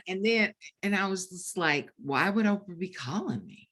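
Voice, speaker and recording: Lively low-voiced woman telling a story. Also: measured pace, hardly any pauses. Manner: animated storytelling with many fillers and restarts. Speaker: author guest. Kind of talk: storytelling conversation at a book event. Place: bookstore event.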